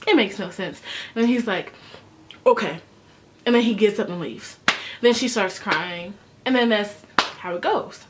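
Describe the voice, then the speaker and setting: A woman's voice: medium pitch, a little hiss or hum. A young woman giving a chatty, sassy recap of a reality show, full of slang. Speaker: recap vlogger. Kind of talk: casual TV recap.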